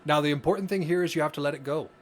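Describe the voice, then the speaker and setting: A man's voice: on the high side, very fast, slight background noise. Earnest man explaining in casual chat. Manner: earnest, explanatory, with frequent restarts. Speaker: podcast co-host. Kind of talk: casual podcast discussion.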